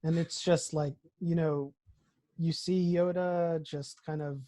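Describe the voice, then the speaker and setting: A man's voice: on the high side, fairly even intonation, slow, dark tone. A man co-hosting a podcast in casual chat, rambling and thinking aloud as he talks. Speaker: podcast co-host.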